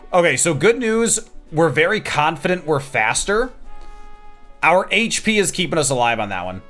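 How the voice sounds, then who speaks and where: Brief: self-deprecating male streamer from Wisconsin, casual game commentary, slightly raised pitch. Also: big pitch swings, moderate pace, a bit bright, faint music behind. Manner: chatty, self-deprecating, thinking aloud.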